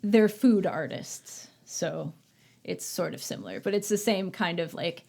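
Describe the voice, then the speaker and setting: A woman talks through a film review in easy, casual podcast chat. Her voice sits low and carries a gravelly fry. She is opinionated and tends to trail off and restart mid-sentence. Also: a little slow, warm tone. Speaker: podcast host.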